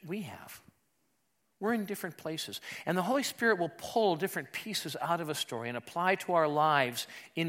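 A man preaching a sermon in a church, speaking in an animated, conversational way with emphatic rises. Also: a little high. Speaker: pastor. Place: church sanctuary.

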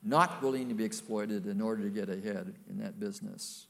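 A man's voice: lowish voice, brisk, vocal fry. An older man preaching a sermon, folksy and emphatic, with playful asides to the congregation.

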